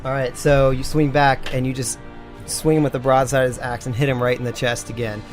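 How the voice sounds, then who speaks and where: A man's voice: medium pitch, little pitch movement, a little fast, soft background music. A young man narrating a tabletop game as game master, casual and rambling with many fillers.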